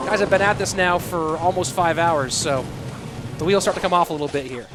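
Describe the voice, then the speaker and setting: Young male esports caster, high voice, playful banter, music bed. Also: fast talker. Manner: casual, joking banter with chat. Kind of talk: live stream game commentary.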